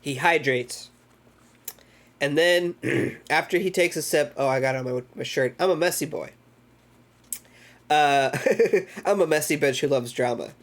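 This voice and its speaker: Man, slightly high voice, casual streamer, rambly and sweary, recaps a movie live. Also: measured pace, pauses often. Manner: rambling, profane, loose retelling with acted-out quotes. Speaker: streamer hosting a movie club.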